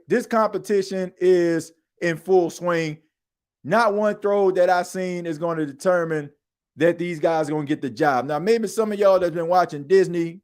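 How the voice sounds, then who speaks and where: A man's voice: fairly high pitch, a little mellow. A man hosting a sports podcast, ranting emphatically in casual slang. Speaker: podcast host. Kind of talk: animated sports talk monologue.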